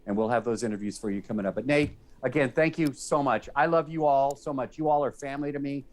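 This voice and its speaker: Brief: male TV host, casual, heartfelt, rambling, mid-pitched voice. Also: fast. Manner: grateful, emotional, rambling. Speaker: entertainment reporter. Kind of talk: casual on-air chat. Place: TV studio.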